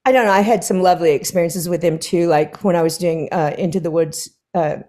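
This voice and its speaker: A woman's voice: fairly low pitch, a little fast. A woman singer, a guest in an onstage conversation, telling anecdotes and acting out the quoted dialogue with bursts of laughter. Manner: animated storyteller who acts out quoted dialogue with laughs. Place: stage conversation before an audience.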